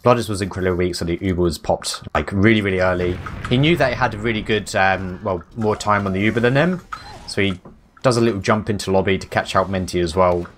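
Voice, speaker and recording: Man, esports color commentator, very low voice, casual analysis, many restarts, headset mic, faint hum. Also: fast talker. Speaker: esports co-caster.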